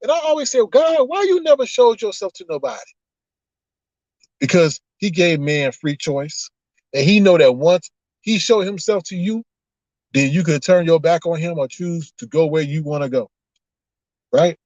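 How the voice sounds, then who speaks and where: Man, livestream chat, lively swooping pitch, fairly high voice, dry dull sound. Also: normal speed, no echo. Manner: animated, laughing, preachy asides. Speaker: online streamer.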